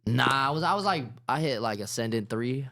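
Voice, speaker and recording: A man's voice: medium pitch, expressive, a little fast, creaky, bright, forceful tone. Hesitant young man on a podcast. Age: young adult. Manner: hesitant, rambling, full of "like" and "um". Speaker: podcast guest. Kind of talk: casual group chat.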